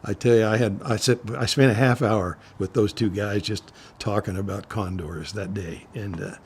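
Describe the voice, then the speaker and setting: An older man from Oklahoma, a retired forest supervisor, tells stories in an oral history interview, rambling with restarts and clearing his throat. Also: fairly low pitch, steady tone, normal speed.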